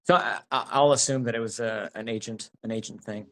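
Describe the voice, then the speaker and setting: A man's voice: medium pitch, fairly even intonation, a little fast, gravelly. Rambling, hesitant man. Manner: rambling, hesitant, many restarts and fillers. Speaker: actor, interview guest. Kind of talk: casual interview chat.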